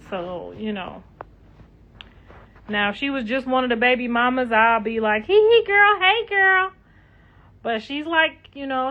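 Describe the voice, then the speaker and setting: A middle-aged woman hosting a livestream, chatting casually and reading comments in a blunt, profane, sassy way. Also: fairly high pitch. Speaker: livestream host. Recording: dull lo-fi livestream audio.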